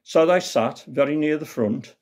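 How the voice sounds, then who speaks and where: A man's voice: a little high, moderate pace, darkish tone. A man with a Black Country accent telling a comic tale in a folksy, dialect-rich way. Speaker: storyteller. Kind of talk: comic storytelling.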